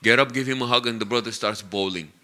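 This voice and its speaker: A man preaching a sermon with animated storytelling, stretching out key words for emphasis and sprinkling in Arabic religious phrases. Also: mid-range voice, fast.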